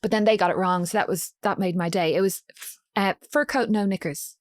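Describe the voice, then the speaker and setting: A woman's voice: medium pitch, steady tone, fairly quick, no echo, clean studio sound. An Irish woman guest on a podcast, telling stories in a chatty way and laughing often. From Ireland. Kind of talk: casual chat.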